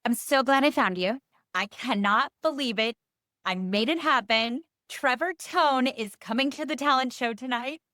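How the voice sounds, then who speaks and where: Give me a woman playing a strict, brisk mother with a slightly high voice. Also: bright, forceful tone, dry recording, studio quality. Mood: excited. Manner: brisk, scolding. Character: bossy, strict mother and talent show organizer. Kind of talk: table read of a screenplay.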